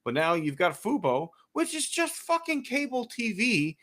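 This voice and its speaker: A man co-hosting a casual sports podcast, telling a long story in a profane, animated rant. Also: very high voice, normal speed.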